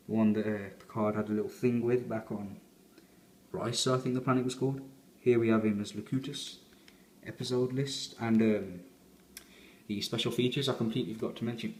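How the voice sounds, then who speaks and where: A man's voice: mid-range voice, darkish tone, echoey room, slight background noise. A man giving a rambling, chatty fan review as he unboxes a collector's set.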